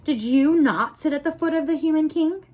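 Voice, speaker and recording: A woman's voice: high voice, normal speed, darkish tone, voice pushed up, lightly acted. A woman voicing a stern, worried male head mouse presiding over a trial in a commanding way.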